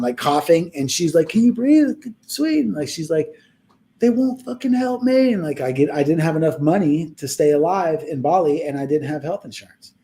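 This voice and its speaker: A man's voice: a little high, dark tone. A young man telling a personal story in a casual podcast chat, rambling and heartfelt, acting out the people he quotes.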